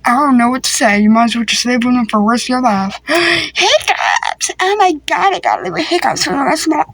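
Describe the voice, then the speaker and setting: High-voiced playful woman, slangy skit. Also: sing-song, brisk, creaky, fairly bright tone. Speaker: creator voicing a family skit. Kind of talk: improvised comedy skit with several voices.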